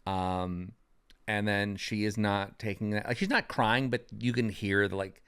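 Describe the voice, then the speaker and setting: A man's voice: fairly low pitch, unhurried, a bit bright, smooth, no echo, studio quality. A man in a tabletop role-play podcast, casually recapping his scene with lots of fillers and restarts.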